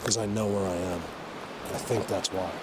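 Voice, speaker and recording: Low-voiced male vlogger, keyed-up, stammering outdoor commentary over clear background noise. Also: moderate pace. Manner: excited, rambling, stumbles and repeats words. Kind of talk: walking vlog commentary. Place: outdoors in wild country. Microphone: handheld camera mic.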